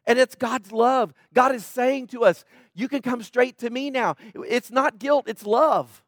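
Man, middle-aged, sermon, high voice, dry close sound, emphatic questioning delivery. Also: measured pace, no room sound. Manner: emphatic, questioning, conversational preaching. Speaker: preacher.

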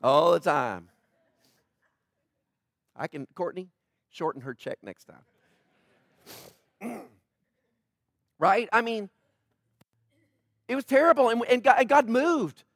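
High-voiced male pastor preaching conversationally. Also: takes it slowly, pauses often, no echo, clean studio sound. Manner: conversational preaching, often asking the congregation "right?"; animated, with jokes and asides to the congregation. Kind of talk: sermon.

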